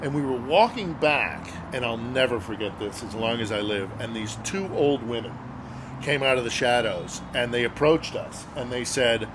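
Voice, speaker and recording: A middle-aged man appearing as a journalist guest tells a story casually and earnestly, with lots of fillers and hesitations. His voice is medium-pitched at normal speed, and there is background noise.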